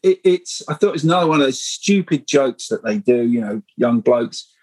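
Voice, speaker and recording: A middle-aged man telling animated, rambling stories as a guest in a casual podcast interview. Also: mid-range voice, a little fast, low-quality recording. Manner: animated, rambling anecdotal storytelling. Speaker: guest screenwriter.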